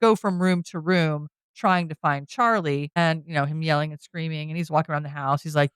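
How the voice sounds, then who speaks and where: A woman's voice: sits low, fairly quick, few pauses, smooth, dry recording. A woman hosting a podcast, casually retelling a horror film scene by scene, with chatty storytelling. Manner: chatty storytelling, with frequent "you know" and "like". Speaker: podcast host. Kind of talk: casual movie recap.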